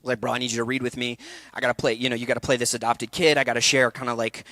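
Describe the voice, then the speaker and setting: A young man with a bright, forceful voice tells an animated personal story to a festival audience. His delivery is candid and energetic. The sound is dry and close. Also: mid-range voice, very fast, no echo. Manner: energetic, candid storytelling with laughs and acted quotes. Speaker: actor and speaker. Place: event hall.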